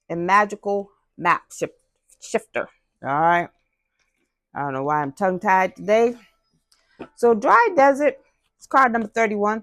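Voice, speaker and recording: A woman reading cards for her channel in a casual, chatty way, with slang in her talk. Her voice sits at a middle pitch. It sounds dry and close, with no room echo. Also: a bit bright. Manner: chatty, drops into slang, talks to viewers directly. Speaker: tarot reader. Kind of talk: casual spiritual card reading.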